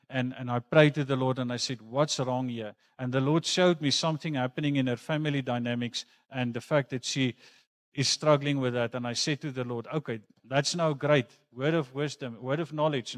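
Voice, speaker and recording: A man preaching a sermon in a church, talking earnestly and conversationally and mixing in personal stories. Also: medium pitch. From South Africa. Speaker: pastor.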